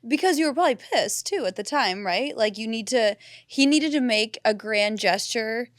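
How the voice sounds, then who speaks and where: A woman's voice: fairly high pitch, animated, normal speed, dry recording, studio quality. A young woman co-hosting a podcast who adds supportive, reflective comments to her friend's story in casual chat, swearing now and then. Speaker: podcast co-host.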